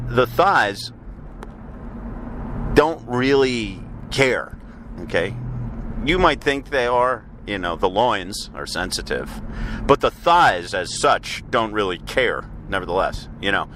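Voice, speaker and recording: A man hosting a comedic audio journal, rambling in a halting, apologetic way with frequent stammers and restarts. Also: on the low side, animated, pushed and bright, a little hiss or hum. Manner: apologetic, halting, stammering, with sudden sung outbursts. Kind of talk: rambling deadpan comedic monologue.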